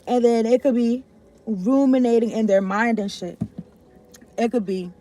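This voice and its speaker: A woman reads tarot in a loose, rambling way, swearing freely and trailing off mid-thought. Her voice sits a little high but sounds mellow and warm rather than bright. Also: fairly even intonation, unhurried, a little hiss or hum. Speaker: tarot reader. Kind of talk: casual tarot reading.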